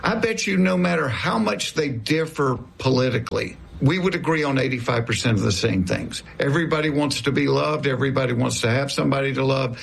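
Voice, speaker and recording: A man's voice: medium pitch, brisk, gravelly, hardly any pauses, a little hiss or hum. A man in his sixties with a Southern US accent, a comedian telling stories in a folksy, easygoing way during an interview. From American South. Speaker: comedian guest. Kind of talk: conversational interview storytelling.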